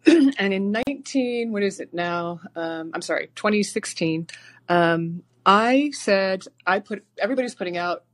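Woman caller, lowish voice, rambling and excited, lots of ums. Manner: rambling, excited, many fillers. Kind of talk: call-in talk show.

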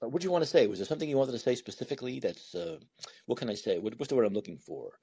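A man's voice: mid-range voice, animated, rapid-fire, warm tone, breathy edge. A man hosting a call-in show, laughing, teasing and often repeating himself. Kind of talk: casual call-in chat.

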